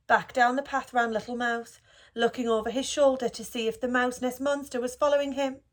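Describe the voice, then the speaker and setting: A woman reading a children's picture book aloud for a school, in a gentle and expressive storytelling manner. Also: on the high side, fairly quick.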